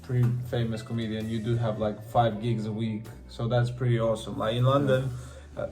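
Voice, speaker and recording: A man's voice: lowish voice, level tone, fairly quick, mellow. A man hosting a casual podcast, asking curious, encouraging questions. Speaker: podcast host. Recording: roomy room with faint music.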